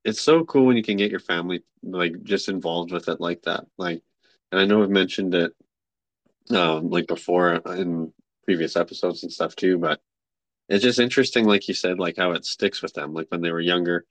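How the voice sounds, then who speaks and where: A young man hosting a podcast in a relaxed, casual way, filling his talk with likes and you knows. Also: deep voice, moderate pace, no echo. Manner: relaxed, many fillers, affirming. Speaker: podcast host. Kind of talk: casual chat.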